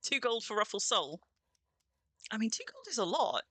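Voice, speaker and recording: A woman's voice: a little high, very animated, moderate pace, fairly bright tone, no room sound. A woman hosting a game livestream, chatting in a bubbly way and greeting her viewers. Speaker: streamer hosting a game stream. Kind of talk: casual livestream chat.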